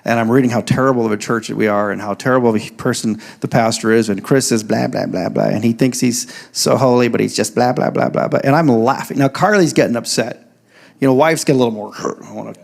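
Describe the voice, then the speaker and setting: A male pastor giving a sermon, reading scripture slowly and telling joking, conversational stories to his church. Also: medium pitch, gravelly. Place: church service.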